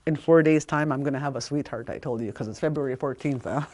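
A woman's voice: deep voice, lively intonation, normal speed. A woman teaching a language lesson, patiently sounding out words and repeating them, with small apologies for slips.

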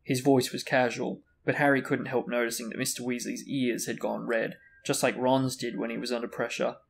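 A man reading a novel aloud in a relaxed way, now and then stopping after a slip. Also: mid-range voice, moderate pace, vocal fry. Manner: relaxed reading, stops for slips. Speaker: book reader and discussion host.

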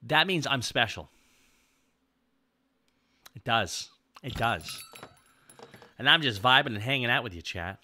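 Bright, lively goofy male streamer. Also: mid-range voice, unhurried, long pauses, dry recording. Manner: goofy, self-mocking, reads out chat. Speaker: VTuber streamer. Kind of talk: casual livestream chat.

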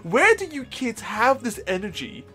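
A man's voice: very high-pitched, huge pitch swings, a little slow. Chatty streamer guy, laughing nonstop, up and down voice, music in back. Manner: giggly, rambling, laughs a lot. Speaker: streamer and coach. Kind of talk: casual game stream chat.

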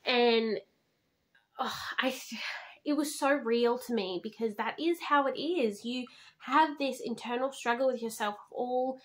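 Gushing woman with a high voice. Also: unhurried. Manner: gushing and heartfelt, frequent "like" fillers. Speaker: book reviewer. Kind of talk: casual book review vlog.

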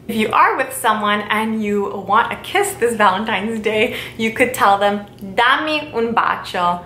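A woman teaching a casual video lesson, repeating example phrases slowly and carefully. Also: sharp tone. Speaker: language teacher. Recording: echoey room with faint rumble.

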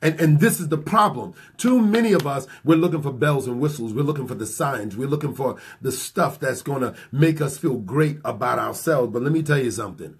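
A man preaching as a pastor, building his points with repeated lines and slowing down to stress them. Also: medium pitch, expressive, slightly rough. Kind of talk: sermon.

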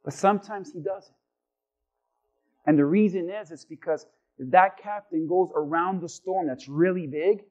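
A man preaching a sermon as a pastor, telling a personal story with lively, animated delivery. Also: fairly high pitch, lo-fi sound. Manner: animated, acts out voices in anecdotes.

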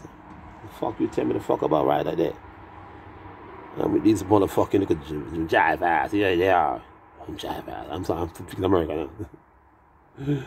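A man's voice: deep voice, lively intonation, fairly quick, gravelly, long pauses, darkish tone, slightly rough. A man rambling in a profane monologue that drifts into half-sung rhymes.

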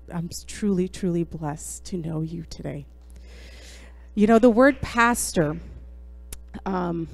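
Woman, church member, warm-hearted testimony, halting fillers, dry close mic. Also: mid-range voice, no echo. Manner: emotional, laughing and halting with fillers. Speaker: church member giving a tribute. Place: church sanctuary.

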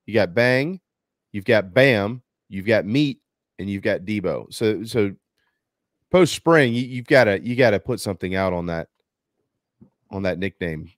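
A man from the South Carolina Lowcountry hosting a sports talk show, affable and teasing in casual chat. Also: animated, a little slow, long pauses, no room sound, studio quality.

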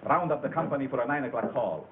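An actor as a persuasive studio executive. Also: male voice, mid-range voice, animated, quick pace, lightly acted. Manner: placating, persuasive. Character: smooth studio executive calming others. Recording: tinny old film soundtrack with hiss.

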